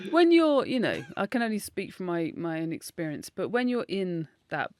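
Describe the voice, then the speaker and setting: A woman's voice: mid-range voice, sing-song, measured pace, no echo, clean studio sound. A woman co-hosting a podcast in a casual chat, talking in a chatty way, laughing often and swearing freely. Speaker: podcast co-host.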